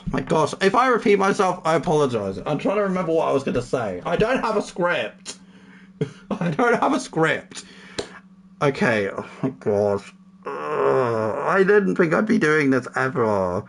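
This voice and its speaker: A man's voice: on the high side, vocal fry, a little hiss or hum. A young man talking casually to his livestream chat, moving from a somber farewell talk to exasperated, heavily swearing outbursts. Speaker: streamer.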